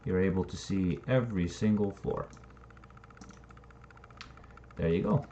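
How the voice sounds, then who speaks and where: A man's voice: low voice, unhurried, mellow. A man building a game map and thinking aloud in casual, rambling commentary, swearing now and then. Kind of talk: casual screen-recording commentary. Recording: dull lo-fi mic with faint noise and typing.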